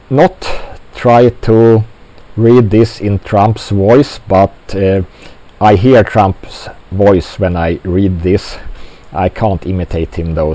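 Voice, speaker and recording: Slow, mellow-voiced man rambling on. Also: sits low, low-quality recording. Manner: slow, halting delivery with many fillers. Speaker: commentator. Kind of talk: rambling monologue commentary.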